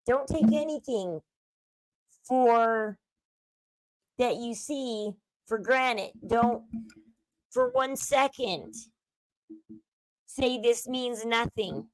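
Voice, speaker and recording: A woman's voice: fairly high pitch, extremely slow, long pauses, no room sound, poor audio. A woman streamer giving emphatic true-crime gossip commentary, repeating points and lecturing her viewers.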